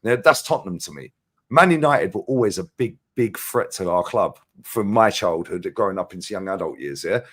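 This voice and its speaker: A man with a London accent holds forth in a casual football chat, his voice fairly low. He rants in long, sweary tangents as a panelist. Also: expressive. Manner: ranting, sweary, fast-flowing.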